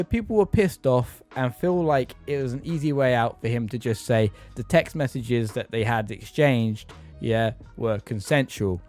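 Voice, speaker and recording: A man's voice: medium pitch, darkish tone. A man giving frank, casual reaction commentary, swearing now and then. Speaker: commentary YouTuber.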